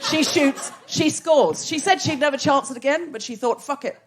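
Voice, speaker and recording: High-voiced Australian woman doing crowd work. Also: moderate pace, very noisy. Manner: animated, laughing, riffing with audience. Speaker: comedy podcast host. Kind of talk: live stand-up crowd work. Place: theatre stage before a live audience.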